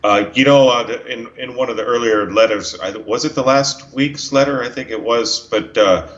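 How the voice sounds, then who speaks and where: A man's voice: mid-range voice, moderate pace, fairly bright tone. A male co-host speaking plainly and steadily in a casual talk, recording from home. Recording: roomy, dull lo-fi sound.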